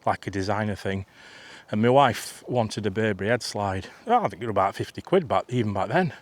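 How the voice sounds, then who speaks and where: A fifty-something man vlogs from a field, telling a chatty, roundabout story with plenty of restarts and asides. His voice is on the low side with lively intonation and a brisk pace, and there's no echo.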